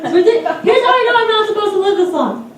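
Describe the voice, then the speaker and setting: A brash woman comedian delivers sardonic punchlines in a high voice. She is recorded from a distance in a very echoey club, with noise under her voice. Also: animated, fast talker. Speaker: stand-up comedian. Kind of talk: stand-up routine. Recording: echoey room, distant mic, noisy.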